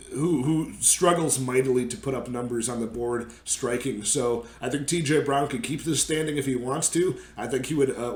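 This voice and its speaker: A man hosting his own betting picks show while losing his voice, so he sounds gravelly and a little weak. His talk is casual and full of fillers, at a middling pitch for a man. The sound carries some echo from the room. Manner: loose, filler-heavy talk with many "um" and "you know". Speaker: sports betting host.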